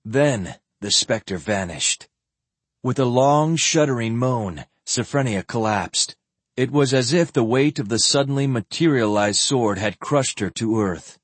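Male audiobook narrator: husky, even read, dry close studio sound. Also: mid-range voice, a little slow, no echo. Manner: steady, descriptive reading.

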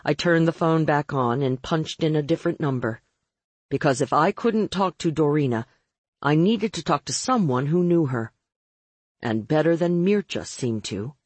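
A woman's voice: deep voice, expressive, moderate pace, darkish tone, no echo. A woman reading a first-person audiobook with wry, sardonic narration.

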